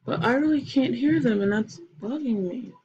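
A young woman chatting excitedly to her viewers while playing a life-sim game, full of ums and gasps. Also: on the high side, moderate pace, muffled recording, a little hiss or hum. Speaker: gaming channel host. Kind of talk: casual gameplay commentary. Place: bedroom at home, TV in another room.

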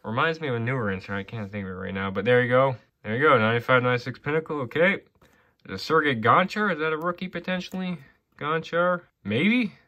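A man from Canada rambles through his card mail in a loose, chatty way, muttering to himself between finds. His voice has a bright, slightly sharp edge, and it jumps up whenever a pull surprises him. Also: a little high, quick pace. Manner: chatty, muttering, easily excited. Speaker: hockey card collector opening mail. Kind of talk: casual commentary while opening cards.

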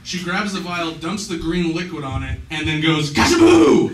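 A man's voice: fairly high pitch, normal speed. A man telling a funny story on stage at a live venue, laughing often as he goes. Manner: animated, laughing through his own story. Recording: echoey room, mic far off, noisy.

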